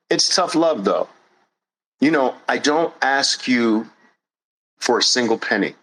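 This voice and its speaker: A man's voice: medium pitch, expressive, takes it slowly, a bit bright, poor audio. A man hosting a podcast, giving a blunt, passionate monologue with crude emphasis. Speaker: host.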